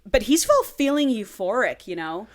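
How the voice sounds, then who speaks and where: A woman's voice: fairly high pitch, sing-song, normal speed. A woman casually retelling a book's plot on a podcast, swearing freely and acting out the characters' lines. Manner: chatty, swears freely, acts out dialogue. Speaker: podcast co-host.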